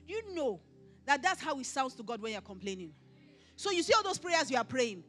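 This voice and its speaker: A middle-aged woman pastor with a Nigerian accent, preaching emphatically at a conference and often raising her voice to a shout. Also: high-pitched, brisk, soft background music. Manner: emphatic, animated preaching with rising shouts and mimicry. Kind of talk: conference sermon. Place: conference hall.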